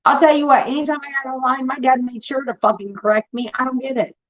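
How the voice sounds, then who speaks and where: A woman's voice: sits high, steady tone, quick pace. Woman from Indiana, livestream host, heated profane rant, dull lo-fi audio.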